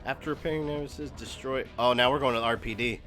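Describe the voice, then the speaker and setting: A man's voice: mid-range voice, fairly even intonation, quick pace, fairly bright tone. A man streaming a video game, giving casual, rambling commentary full of fillers. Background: game music.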